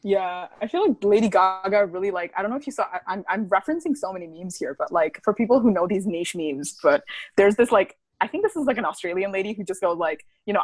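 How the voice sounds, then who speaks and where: A woman's voice: medium pitch, animated, fast, no echo. A young woman from Canada chatting casually as a podcast guest, bubbly and full of fillers. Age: young adult. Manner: bubbly, lots of "like" fillers and laughs. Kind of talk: casual chat.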